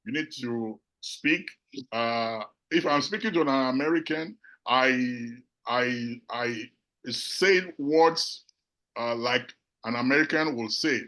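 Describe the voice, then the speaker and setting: A middle-aged Nigerian man with a Nigerian accent gives a measured, reflective talk to an audience as a panel speaker, often pausing on fillers. His mid-range voice is bright and forceful, and the recording is rough.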